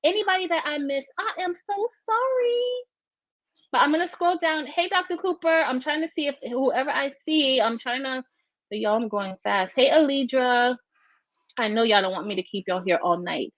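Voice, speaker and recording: A woman hosting a casual craft livestream, chatty, greeting viewers by name with bursts of high excitement. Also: moderate pace, dry recording. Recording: dry, dull lo-fi sound.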